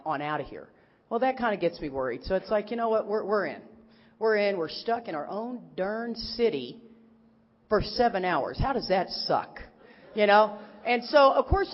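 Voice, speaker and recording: Animated middle-aged woman telling stories in a hall. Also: medium pitch. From Texas. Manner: animated, rambling, acts out quotes of others. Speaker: speaker at a recovery convention. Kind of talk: humorous personal storytelling talk. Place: large convention hall. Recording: echoey hall, dull lo-fi sound.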